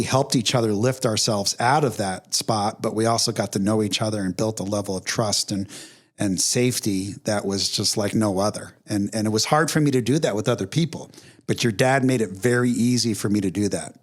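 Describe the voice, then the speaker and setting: A middle-aged man hosting a podcast, speaking candidly and with emotion, with many fillers and restarts. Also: on the low side. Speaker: podcast host. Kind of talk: casual conversation.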